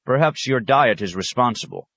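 A man's voice: medium pitch, expressive, fairly bright tone, pitched above the performer's own voice. A man doing a courteous, clever traveling scholar. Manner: courteous, measured, diplomatic. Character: polite, clever male scholar, a traveling outsider.

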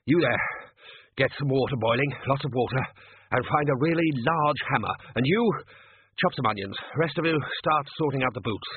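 A man's voice: medium pitch, slight background noise, voice pushed up, lightly acted. A man voicing a scheming restaurant manager who barks orders at his kitchen staff, on a tinny, phone-like recording. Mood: bossy. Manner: bossy, quick and commanding. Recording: tinny phone-like dry audio.

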